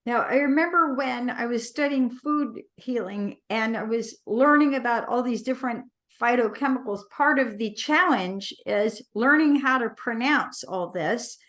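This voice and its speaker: A woman hosting an interview, asking measured, prompting questions. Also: on the high side, fairly bright tone. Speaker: interviewer, medical intuitive healer.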